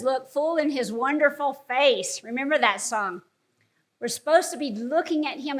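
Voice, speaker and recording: A woman's voice: on the high side, fairly bright tone. A woman preaching a sermon in an earnest, emphatic way, repeating key words for stress.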